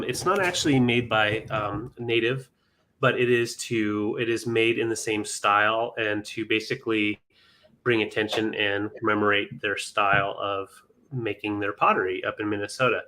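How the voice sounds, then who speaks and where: A man's voice: medium pitch, a bit bright. A man hosting a live vintage sale stream, chatting casually with many ums and counting down bids.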